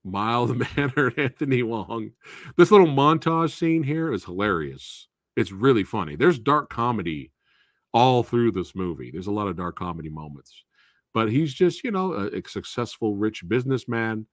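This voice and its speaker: A man hosting a casual live film review, animated, profane and laughing often. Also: mid-range voice, normal speed, no room sound, studio quality. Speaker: movie reviewer and host.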